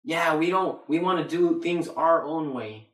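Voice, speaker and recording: A man's voice: a little high, a little slow, a bit bright. A man preaching a Bible sermon, emphatic and repeating his phrases for weight. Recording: roomy echo.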